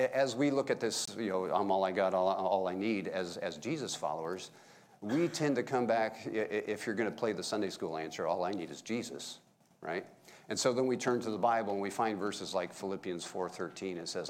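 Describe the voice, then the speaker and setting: Folksy, lower-voiced preacher, man. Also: a little hiss or hum. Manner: folksy, joking with the congregation, animated. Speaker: pastor. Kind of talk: conversational sermon.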